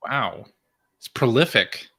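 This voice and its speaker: Bright-voiced man co-hosting a podcast. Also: medium pitch, expressive, slow pace, husky. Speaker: podcast co-host. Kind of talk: casual chat.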